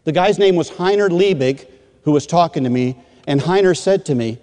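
A middle-aged man from rural Michigan, a pastor telling his testimony in an animated way and acting out the voices of the people in it. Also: a little high, normal speed. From rural Michigan, USA. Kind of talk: testimony sermon. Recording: long reverb of a large hall.

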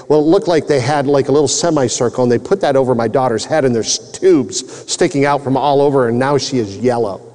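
Male preacher, mid-range pitch, earnest testimony delivery, mellow tone in a reverberant hall. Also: fairly quick, few pauses. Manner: earnest, emotional storyteller. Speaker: preacher telling his testimony. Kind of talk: personal testimony sermon. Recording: long reverb in a large hall.

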